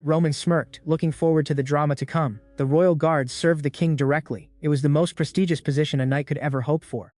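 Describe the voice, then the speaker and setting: A man narrates a story recap from a script in an even storytelling manner. His voice sits fairly high. The recording is dry and close. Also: fairly quick, few pauses, no echo.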